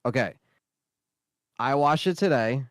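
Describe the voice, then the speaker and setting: Man, casual podcast co-host, easygoing, hesitant, smooth voice, dry close sound. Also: medium pitch, lively intonation, unhurried, no room sound. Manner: easygoing, hesitant, many restarts. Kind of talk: casual gaming podcast chat.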